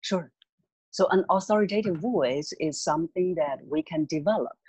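A voice coach calmly and patiently explaining voice techniques as an interview guest. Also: medium pitch, moderate pace, husky, dull audio. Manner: calm, patient, instructive.

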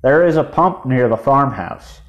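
A man voicing a calm, responsible older boy who looks after his siblings. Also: medium pitch, a little slow, lo-fi sound, close to an everyday voice. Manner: calm, reassuring.

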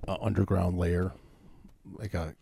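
A man co-hosting a casual comedy podcast, talking in a halting way as he builds dark, absurd details. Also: low-pitched, level tone, vocal fry, breathy edge. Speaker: podcast co-host. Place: home, remote call.

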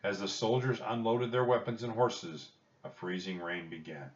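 A man narrating a children's storybook in a calm, measured reading. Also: lowish voice, far from the mic, lo-fi sound.

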